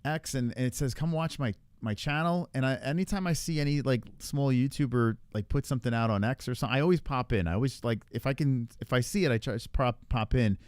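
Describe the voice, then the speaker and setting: A man's voice: medium pitch, fast, hardly any pauses, darkish tone, clean tone, no room sound. A man hosting a podcast, chatting casually and profanely while reacting to online streams, often laughing. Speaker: podcast host.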